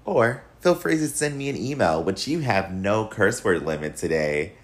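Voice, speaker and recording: A man's voice: fairly low pitch, expressive, normal speed. A young man hosting a solo podcast with a nasal voice, talking candidly and encouragingly in a casual way, sometimes swearing. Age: young adult. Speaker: podcast host.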